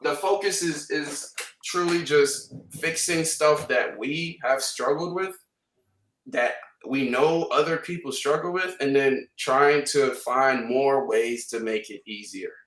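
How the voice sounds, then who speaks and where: A man from Canada talking casually on a trading livestream panel, animated and slangy, repeating points for emphasis. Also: mid-range voice, slow, roomy sound, distant mic.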